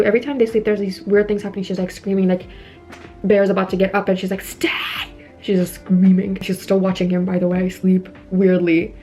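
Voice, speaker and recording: A woman's voice: mid-range voice, a little mellow. Chatty young woman retelling a film. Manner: chatty, lots of "like" fillers, retells dialogue. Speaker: beauty vlogger recapping a horror film. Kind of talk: casual chat while doing makeup. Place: indoors at home.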